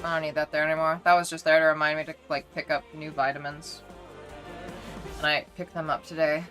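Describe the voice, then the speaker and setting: A woman streams and chats loosely with her viewers in a low, bright voice, circling back and restarting her sentences as she rambles. Soft music plays faintly behind her. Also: little pitch movement, brisk. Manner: chatty, rambling, frequent restarts. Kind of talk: casual live-stream chat with viewers.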